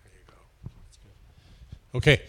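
A man's voice: measured pace, fairly bright tone. A man giving an informal teaching sermon, asking the room questions and chuckling often. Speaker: pastor leading a Bible study.

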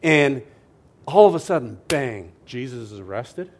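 Animated male preacher, loud then hushed. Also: mid-range voice, measured pace, a little hiss or hum. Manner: animated storyteller, swings from loud to hushed, asks "right?" often. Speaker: pastor. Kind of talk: sermon.

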